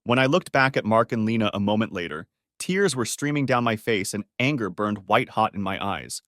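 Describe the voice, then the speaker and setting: A man reading a revenge story aloud, dramatic and bitter, his pitch swinging widely. He sits close to the mic in a dry, dead room. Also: animated, normal speed, hardly any pauses, dry recording. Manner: dramatic, bitter, voices the shouted lines. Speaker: story narrator. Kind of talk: first-person revenge story narration.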